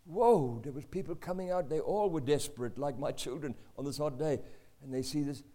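An older man with a South African accent, telling a family story in a lively, animated way with asides. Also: a little high, fairly quick. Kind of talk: personal anecdote.

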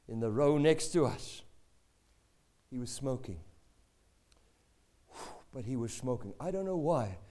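Older South African man telling a story. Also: on the high side. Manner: lively, animated storytelling with asides and laughter. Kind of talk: personal anecdote.

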